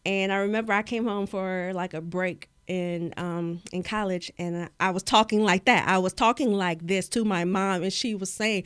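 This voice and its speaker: A woman's voice: medium pitch, steady tone, normal speed, few pauses, fairly bright tone, smooth, dry recording, clean studio sound. A young woman from Maryland, a public speaking coach, telling her story in a casual interview with careful, articulate diction. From Maryland, USA.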